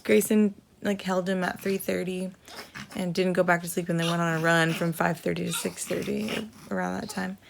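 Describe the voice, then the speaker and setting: A woman's voice: on the low side, steady tone, normal speed, gravelly, noisy background. A young woman, a tired mother, chatting casually into her phone at home in a family vlog, sighing and saying "like" often. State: exhausted. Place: messy family home, indoors. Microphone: phone held while filming.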